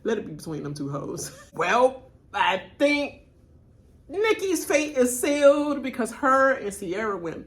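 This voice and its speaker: A woman hosting a reaction video, giving casual, blunt commentary. She laughs often, trash-talks freely, and swings between loud outbursts and quiet asides. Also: medium pitch, creaky. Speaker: reaction channel host.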